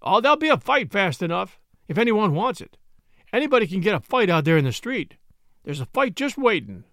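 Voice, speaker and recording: A man's voice: high voice, sing-song, a little fast, a bit bright, dry recording, studio quality, heavily acted. A man voicing an urgent young townsman giving a warning in a storybook reading. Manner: urgent, emphatic.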